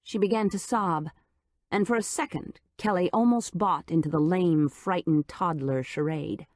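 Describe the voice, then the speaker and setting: A woman narrating an audiobook in a measured, low-key manner on a close studio mic. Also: darkish tone, dry recording. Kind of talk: scripted narration.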